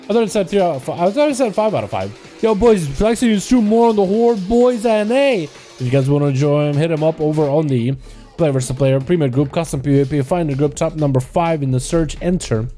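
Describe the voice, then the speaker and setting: Young guy streaming games, slight russian accent, kinda high voice, mellow tone, laid back chatty, music faint behind. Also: fairly quick. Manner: laid-back, chatty, fills with "yo", "dude" and "boys". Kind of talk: casual gaming livestream chat.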